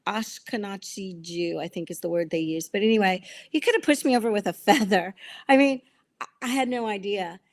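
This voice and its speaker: Earnest woman telling her testimony over a video call, lively storyteller, does the voices of people she quotes. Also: mid-range voice, fairly quick. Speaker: guest sharing testimony. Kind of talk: testimony interview.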